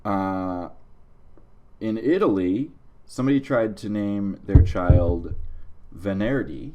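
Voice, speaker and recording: Low, dark-voiced male podcast host. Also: slow. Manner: dry storytelling, reading out list items. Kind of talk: casual comedy podcast chat.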